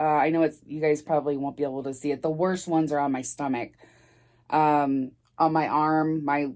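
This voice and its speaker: A woman's voice: low-pitched, darkish tone. A woman telling a personal story in a casual storytime vlog, rambling with many fillers and restarts and laughing as she talks.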